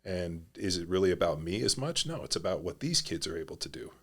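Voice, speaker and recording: A man's voice: low-pitched, sing-song, brisk. A middle-aged man, a former pro football player, telling stories as a podcast guest in a rambling, blunt and profane way. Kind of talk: casual conversational storytelling.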